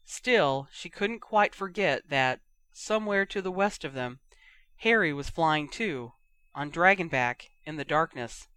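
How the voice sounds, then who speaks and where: An audiobook reader narrating a fan fiction story aloud, voicing each character in a lively way. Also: medium pitch, measured pace, smooth, no room sound.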